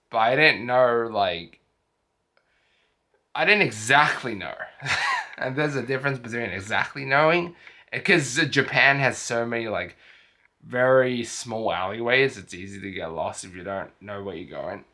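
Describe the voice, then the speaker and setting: Late at night, a young man who is tired and a bit drunk wanders verbally through a casual travel vlog, interrupting himself and restarting often. His medium-pitched voice sounds bright and forceful.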